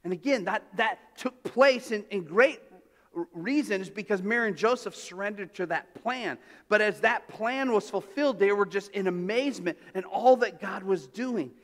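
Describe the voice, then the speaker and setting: Preaching in a reverberant church hall, a man with a high, expressive, fairly bright voice speaks at a normal speed. His sermon unfolds as conversational storytelling, broken up by asides and restarts.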